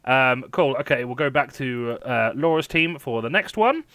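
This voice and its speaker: A man's voice: mid-range voice, animated, normal speed, pushed and bright, dry recording. A British man hosting a comedy panel game over a stream, chatty and laughing, often trailing off into mumbles. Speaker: quizmaster.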